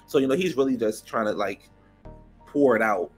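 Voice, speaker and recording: A man with a DMV accent chats through a reality TV recap, animated and gossipy. He laughs often and jumps high in pitch when he mimics the cast, over a mid-range everyday voice. Faint music plays underneath. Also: moderate pace, slightly rough. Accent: DMV (Washington DC area). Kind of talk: casual chatty episode review.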